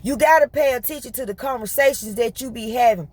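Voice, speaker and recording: An animated woman with a fairly high voice, chatting casually to her viewers as she tells a story. She talks fast and in bursts, slips into laughter, and keeps a loose, colloquial flow. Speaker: vlogger.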